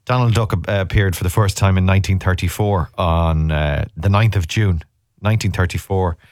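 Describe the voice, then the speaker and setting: Chatty Irish radio host, low voice. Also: male voice, moderate pace, darkish tone, no room sound, studio quality. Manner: chatty, teasing, rambling. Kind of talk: casual radio chat. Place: radio studio.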